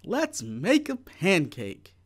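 A man voicing an eager young boy in a storybook who shouts his news with excitement. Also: high-pitched, takes it slowly, voice pushed up, exaggerated voice.

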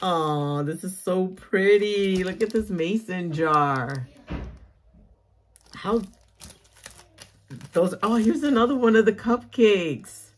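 Gushing woman with a lively, swooping voice. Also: mid-range voice, slow, pauses often, slight background noise. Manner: gushing, excited exclamations. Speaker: vlogger opening mail. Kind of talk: casual unboxing vlog.

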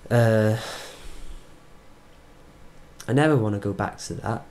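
A Welsh man speaking earnestly in a reflective video diary, halting and restarting as he thinks. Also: fairly low pitch, a little mellow. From Wales. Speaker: vlogger.

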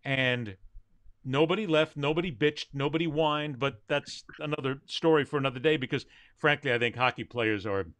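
A man's voice: medium pitch, normal speed, fairly bright tone, no room sound. A man hosting a sports talk show, emphatic and opinionated as he leads the debate.

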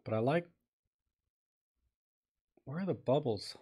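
A man's voice: medium pitch, animated, takes it slowly, warm tone, husky. A man hosting a live stream, talking casually and thinking aloud as he edits viewers' photos and greets people in the chat.

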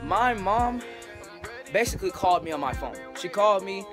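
A young man telling a story in a casual, animated and profane way, full of slang. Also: sits high, normal speed, music in the background. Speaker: storytelling vlogger.

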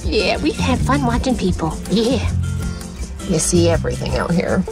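A woman vlogging casually from inside a parked car, chatting to viewers and cooing at her dog in a high sing-song voice. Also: sing-song, normal speed, over music, low-quality recording. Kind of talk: casual chat.

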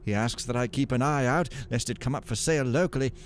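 A man's voice: medium pitch, fast, pitched above the performer's own voice, close to an everyday voice. A man voicing a fussy, forgetful old male monk librarian who muses in archaic speech while reading a game journal. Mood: fretful musing. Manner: archaic, musing, slightly pompous.

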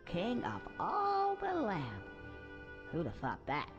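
Conker, a cheeky squirrel. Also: male voice, very high-pitched, huge pitch swings, takes it slowly, muffled recording, full character voice. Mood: storytelling. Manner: chatty storyteller, slurring and groggy when drunk. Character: cheeky young male red squirrel, tipsy and rambling. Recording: game audio with music behind.

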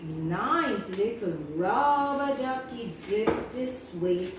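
A woman reading a children's story aloud in an animated, sing-song way, speaking to young children. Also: mid-range voice. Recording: echoey room, far from mic, noisy.

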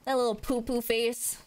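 A woman's voice: on the high side, slight background noise. A young woman streamer chatting casually while gaming, giggly and sarcastic, saying "like" a lot. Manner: giggly, sarcastic, heavy use of "like".

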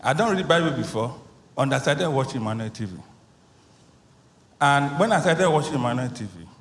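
A man's voice: mid-range voice, fairly quick. Earnest man testifying in a reverberant church. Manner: earnest, animated storytelling. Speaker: church member giving a testimony. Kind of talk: spoken testimony. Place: large church hall. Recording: echoey church hall.

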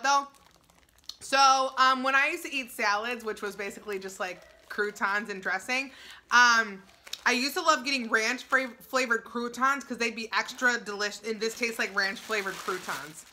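A young woman with a twang chatters through a casual tasting vlog, gushing and leaning on "like". Her voice is sharp and very bright, pitched a touch high. Snack bags crinkle in the background. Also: a little hiss or hum. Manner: gushing, excitable, filler-heavy. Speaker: YouTuber.

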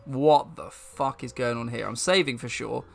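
A man's voice: medium pitch, normal speed, gravelly, faint music behind. Joking, swearing male game streamer. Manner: profane and joking, laughs often. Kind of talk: live let's-play commentary.

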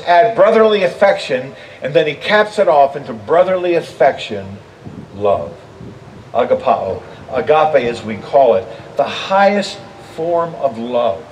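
An older man preaching a sermon as interim pastor, earnest and building to emphatic appeals. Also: on the high side. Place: church sanctuary. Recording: distant mic with steady background noise.

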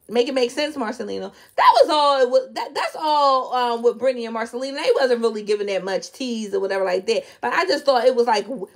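A woman giving a chatty, blunt recap of a reality show, breaking into incredulous outbursts. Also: a little high. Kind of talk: casual recap commentary.

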